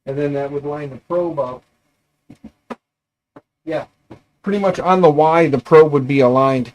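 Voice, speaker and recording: A man's voice: fairly high pitch, measured pace, pauses often, a little mellow, slight background noise. A man hosting a casual livestream, thinking aloud in a rambling way as he tinkers. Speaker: livestream host.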